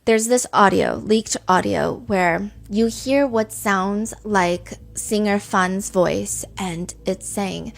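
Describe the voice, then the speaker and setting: A woman's voice: mid-range voice, takes it slowly, gravelly, hardly any pauses, soft background music. A woman hosting a true crime podcast, chatting casually and animatedly, piling up speculative rhetorical questions. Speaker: podcast host.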